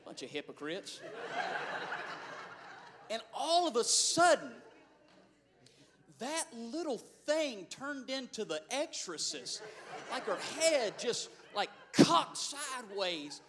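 High-voiced preacher. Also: male voice, big pitch swings, slow, pauses often. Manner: storytelling, building to shouted preaching. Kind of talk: sermon.

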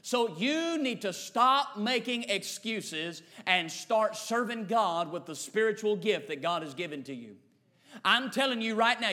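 Guy pastor preaching hard, high bright voice, repeats lines for punch. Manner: fervent, emphatic, rising to shouts; talks straight to the congregation, repeating phrases. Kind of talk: sermon.

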